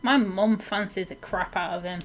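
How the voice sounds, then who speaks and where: A woman's voice: medium pitch, moderate pace. A woman from England chatting casually, blunt and laughing, swearing now and then. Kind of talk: casual chat.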